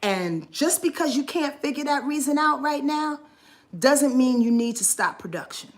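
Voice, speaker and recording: A woman's voice: high voice, expressive, normal speed. A woman astrology vlogger talking in a heartfelt, rambling monologue, earnest and swearing freely, emotional and close to tears at times.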